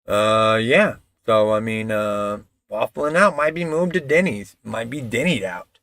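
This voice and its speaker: A man's voice: fairly low pitch, expressive, a little slow, creaky, fairly bright tone, dry recording. A man chatting casually on a live stream, rambling and swearing freely, with a toddler at home. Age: adult father of a toddler. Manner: rambling, profane, loose.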